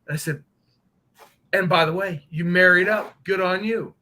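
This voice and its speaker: A man's voice: sits high, steady tone, normal speed, bright, forceful tone, poor audio. A man telling a long, profane story in casual chat on a livestream.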